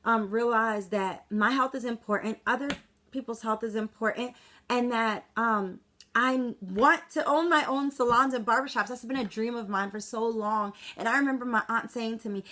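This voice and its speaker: A young woman from the United States giving a casual sales pitch to camera, upbeat and emphatic with many "um" fillers, close to tears as she speaks. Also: brisk, sharp tone. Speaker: direct sales presenter.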